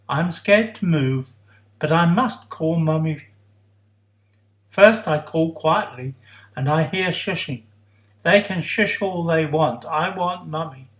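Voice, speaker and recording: A man reading a first-person story aloud in a hushed, earnest way, recalling a child's memory. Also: on the high side. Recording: roomy echo.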